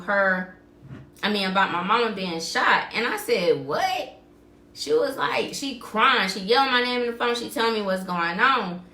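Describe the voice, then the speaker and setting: A woman's voice: medium pitch, sharp tone, roomy sound. A woman hosting a podcast, telling a story in casual talk and acting out what people said. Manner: vivid retelling, acting out quoted dialogue. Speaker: podcast host.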